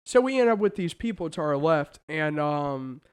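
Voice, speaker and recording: A young American man co-hosting a casual podcast, telling an animated story with lots of swearing and acted-out quotes. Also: on the high side, normal speed, smooth. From United States. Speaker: podcast co-host. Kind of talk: casual chat.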